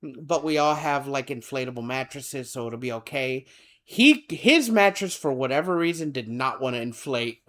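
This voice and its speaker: A man's voice: medium pitch, moderate pace. A man, co-hosting a podcast and telling a rambling story in casual chat, acting out the people in it. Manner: rambling, animated, acts out quoted people. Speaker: podcast co-host.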